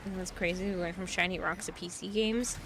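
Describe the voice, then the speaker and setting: A woman's voice: on the low side, steady tone, a little fast, noisy background. A tired young woman streaming live, reading viewer messages aloud and musing casually about technology. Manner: reads chat aloud and muses on technology. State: tired, yawning.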